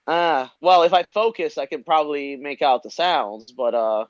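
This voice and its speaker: A man's voice: on the high side, animated, moderate pace, no room sound, lo-fi sound. A man playing a tabletop game, talking hesitantly with stammers and lots of fillers. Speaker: player. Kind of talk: casual tabletop play.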